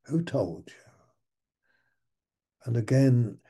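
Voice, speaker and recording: Slow gravelly preacher, very dark voice. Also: male voice, mid-range voice, sing-song. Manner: halting, repeats words while searching for them. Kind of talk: sermon.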